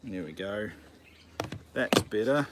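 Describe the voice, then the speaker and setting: A man's voice: lowish voice, animated, takes it slowly. A man chatting jokingly to his channel while sharpening a chainsaw outdoors. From New Zealand. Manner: joking, self-mocking, easily distracted. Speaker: channel host. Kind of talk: casual chat while working. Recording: noisy outdoor recording with filing and birds.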